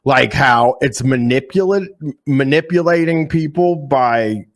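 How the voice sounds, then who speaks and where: A man's voice: medium pitch, a little slow. A man co-hosting a casual stream, rambling and self-mocking as he flubs his words. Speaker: co-host.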